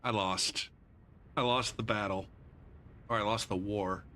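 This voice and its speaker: A man's voice: lowish voice, measured pace. A man streaming a game live, telling a story with lots of swearing and laughter. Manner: profane, animated, laughs often. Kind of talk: live gameplay commentary and storytelling.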